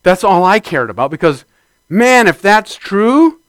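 A man preaching a conversational sermon to his congregation, swinging from loud bursts to quiet asides. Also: sits high, sing-song, measured pace, no echo.

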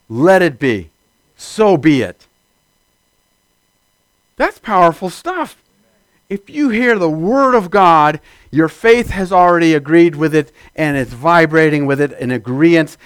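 A man preaching a sermon, building from steady teaching to loud shouted amens. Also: a little high, no room sound. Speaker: pastor.

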